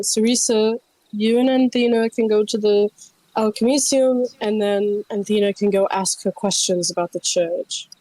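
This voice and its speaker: A woman's voice: mid-range voice, mellow, no echo, low-quality recording. A woman playing a tabletop game, planning aloud and asking questions in casual chat.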